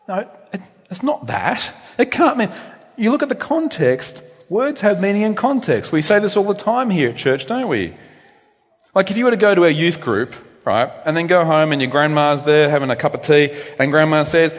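Animated male pastor preaching in reverb. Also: a little high, moderate pace. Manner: animated preaching, swinging between loud emphasis and quiet reflection. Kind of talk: sermon. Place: church. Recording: long reverb in a church.

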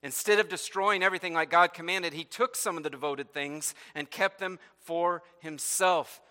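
A man preaches in a church sanctuary, reading scripture passages aloud and unpacking them with rhetorical questions. His voice is bright and sits a little high for a man. A long reverb trails each phrase around the hall. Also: fairly even intonation, normal speed. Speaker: pastor. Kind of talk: sermon.

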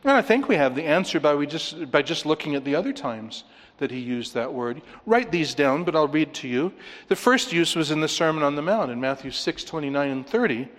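A man preaching an expository sermon, animated, acting out the voices of the people he talks about. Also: on the high side, fairly quick, long reverb tail. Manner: animated, acts out voices of the disciples. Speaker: pastor.

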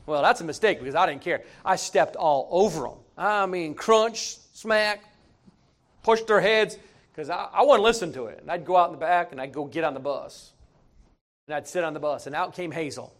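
Male pastor, high voice, animated folksy storyteller from the pulpit. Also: normal speed. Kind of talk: sermon.

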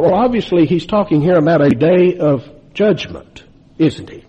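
A man's voice: a little high, animated, normal speed, dark tone, slightly rough, dull audio. A pastor in his fifties, a man preaching an emphatic sermon full of rhetorical questions.

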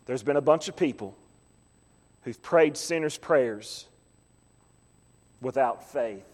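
A man preaching a sermon as pastor, swinging from quiet, low asides to loud, rising calls. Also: in a large hall.

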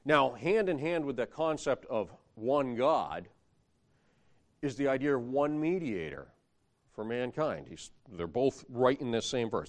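A man delivers a sermon in an animated way, his pitch swinging widely as he drives home each point. He reads scripture aloud and builds to stressed phrases before dropping back down. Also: a little slow. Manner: animated preaching with rising emphasis, reading scripture aloud. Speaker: preacher.

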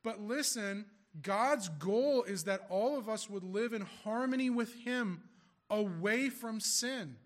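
A male pastor delivering a sermon in a fairly high voice. He talks conversationally, reading scripture and then putting rhetorical questions to his listeners. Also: slow pace.

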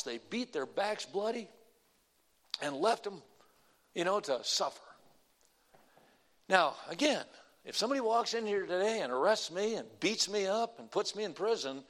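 A man preaching with a high, lively voice that climbs and falls across a wide range. He moves between hushed, low-key passages and loud, excited bursts. He sounds middle-aged, with the rhythm of a pastor at the pulpit. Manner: animated, swings from hushed to loud. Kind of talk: sermon.

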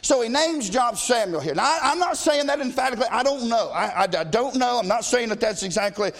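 A man preaching a sermon as pastor, impassioned and rising to shouts. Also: extremely high pitch, expressive, brisk, long reverb tail.

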